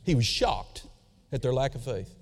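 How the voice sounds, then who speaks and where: A man preaching a sermon, swinging between loud dramatic emphasis and quiet asides, calling out for responses from the congregation. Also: medium pitch, sing-song, normal speed, breathy edge. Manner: calls for audience response. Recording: long reverb of a large hall.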